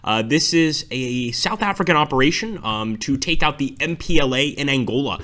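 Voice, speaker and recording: A man's voice: medium pitch, lively intonation, moderate pace, sharp tone. Eager man commentating a war game. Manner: enthusiastic, keeps addressing viewers as guys. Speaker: gameplay commentator. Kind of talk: let's-play commentary.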